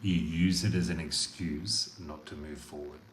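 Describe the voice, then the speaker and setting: A man delivering a blunt, profane motivational monologue as a coach, veering from loud outbursts to quiet talk. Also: rumbling low, fairly even intonation, a little slow. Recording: echoey room with faint noise.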